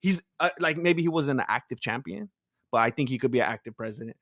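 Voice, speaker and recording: A man's voice: medium pitch, expressive, fast, a bit bright, no room sound, studio quality. A man co-hosting a podcast in casual chat, opinionated and rambling. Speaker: podcast co-host.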